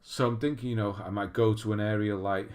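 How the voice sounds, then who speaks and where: This English livestream host has a lowish, steady, brisk voice and a clean sound. He keeps things chatty, reading out messages from chat and chuckling at his own expense.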